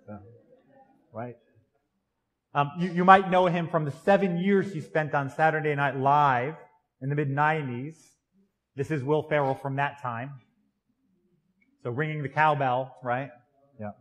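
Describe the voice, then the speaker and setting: Casting note: American male priest, slightly higher voice, chatty, joking sermon delivery in a church. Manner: conversational and joking, with tag questions. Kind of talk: Christmas Eve sermon.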